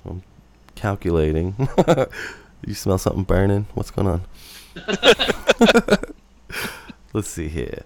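Low-voiced joking man on a podcast. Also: slow, creaky, long pauses, dark tone, dry recording. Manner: joking, teasing, swears casually. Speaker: podcast co-host and quiz contestant. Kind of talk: casual podcast chat.

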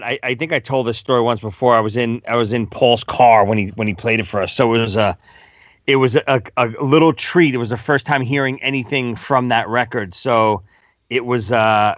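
A man's voice: mid-range voice, a bit bright, no echo. A man co-hosting a podcast, talking in a rambling, hesitant way with restarts. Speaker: podcast co-host. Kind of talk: casual podcast chat. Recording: dull, dry lo-fi sound.

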